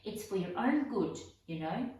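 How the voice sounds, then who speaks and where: A woman's voice: medium pitch, animated, unhurried, mellow, lightly acted. A woman voicing a mischievous male poltergeist who taunts in a sing-song voice, recorded in an echoey room from far off the mic. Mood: taunting.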